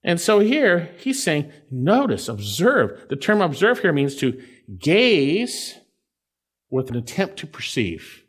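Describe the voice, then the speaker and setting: A man preaching an expository sermon, reading scripture aloud and explaining it, swinging from emphatic high points to quiet low asides. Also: big pitch swings, slow pace, husky. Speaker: pastor.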